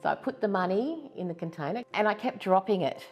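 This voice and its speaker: A woman's voice: medium pitch, lively intonation, brisk, faint music behind. A woman in her fifties with an Australian accent, candidly and earnestly telling her own story as a stroke survivor in a testimonial interview. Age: 50s.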